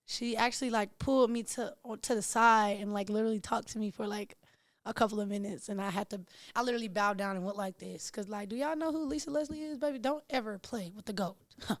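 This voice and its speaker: A young woman, hosting a show and telling excited, slangy stories in casual chat. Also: mid-range voice, fast, dry recording, clean studio sound. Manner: excitable, slangy, animated storytelling. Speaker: podcast host. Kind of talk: casual storytelling to camera.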